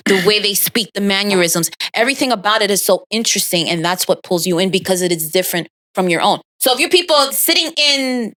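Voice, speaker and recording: A woman's voice: mid-range voice, sharp tone. An American woman co-hosting a casual podcast, explaining and teasing with confidence. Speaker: podcast co-host. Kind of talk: casual chat.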